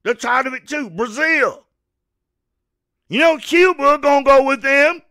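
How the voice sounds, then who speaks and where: A man ranting on his own show, voice pitched unusually high and bright. He preaches hard, stumbles over repeated words and breaks into shouts. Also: measured pace. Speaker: show host. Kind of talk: political rant monologue.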